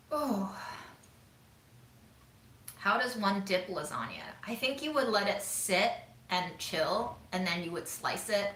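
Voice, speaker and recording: A woman hosting a casual livestream, reading and answering viewer comments in a relaxed, musing way with many "um"s and some half-whispered asides. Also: medium pitch. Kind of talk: casual chat. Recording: echoey room with faint ambient noise.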